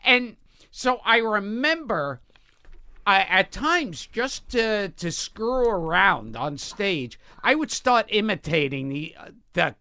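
A man in his fifties, a comedian being interviewed, speaking in a slow, deadpan, wry way in casual chat. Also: high voice, clean tone. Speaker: comedian guest.

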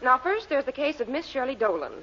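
A high, fretful secretary. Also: female voice, big pitch swings, brisk, a bit bright. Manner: polite, fretful. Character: fussy, worried female secretary. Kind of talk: 1940s radio comedy acting. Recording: dull 1940s radio broadcast, hiss.

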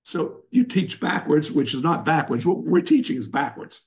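A man's voice: on the high side, lively intonation, moderate pace, a little mellow. An older man, a wrestling coach and guest, giving blunt, emphatic instruction and telling sarcastic stories in an interview.

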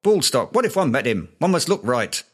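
A man's voice: a little fast, slightly rough. An actor playing a pompous, self-important man with would-be posh airs in a comedy audio play. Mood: indignant. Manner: pompous, indignant, lively pitch swings.

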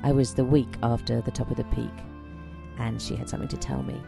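Documentary narrator with a very gravelly voice, quiet and measured, with music playing underneath. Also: mid-range voice, flat delivery. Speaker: documentary narrator, hospital doctor.

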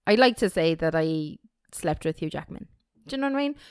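A woman's voice: low-pitched, expressive, fairly quick, a little mellow, smooth, no room sound, clean studio sound. A woman co-hosting a casual podcast chat, giggly and chatty, often asking "do you know what I mean". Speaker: podcast co-host.

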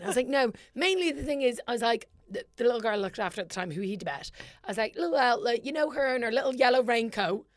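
An Irish woman in her twenties, chatting on a podcast with a slightly high voice. She tells stories animatedly and puts on the voices of the people in them. The recording is dry and close. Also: quick pace, no room sound. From Ireland. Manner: animated storyteller, acts out quoted dialogue. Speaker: podcast co-host. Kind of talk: casual chat.

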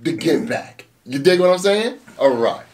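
A man who runs a battle rap league, telling stories in a casual interview, animated and swearing often. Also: fairly high pitch, moderate pace, far from the mic. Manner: animated storytelling, frequent swearing and "you know what I'm saying".

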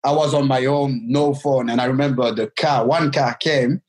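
A man's voice: medium pitch, steady tone, low-quality recording. Man telling a story. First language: French. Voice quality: halting, with many restarts and fillers. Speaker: guest telling his life story. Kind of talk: casual storytelling.

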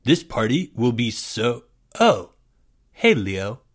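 A boastful fifth-grade boy, as a male storyteller plays him, full of swagger and quick to whine when he doesn't get his way. The voice stays close to the reader's own, with a middling pitch. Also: big pitch swings. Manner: boastful, whiny when crossed.

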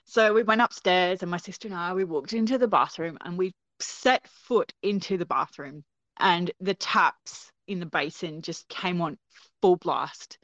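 Woman guest, lower voice, lively storyteller, dull lo-fi sound. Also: unhurried, no room sound. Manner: animated, acts out quoted voices, laughs often. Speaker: guest telling a personal story. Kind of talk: casual spoken storytelling. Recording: dull, dry lo-fi recording.

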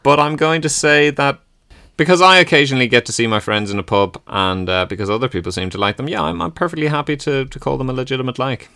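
A man on a comedy podcast speaking in a dry, deadpan, hesitant way over a remote call. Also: medium pitch, quick pace, hardly any pauses, clear, resonant tone. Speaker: podcast co-host. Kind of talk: casual comedic chat.

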